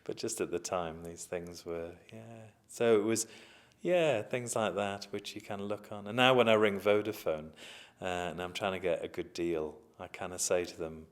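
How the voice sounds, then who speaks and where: A middle-aged Englishman with a very low voice recalls old anecdotes for an oral history interview. He talks in a chatty, self-mocking way, with chuckling asides. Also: moderate pace, hardly any pauses.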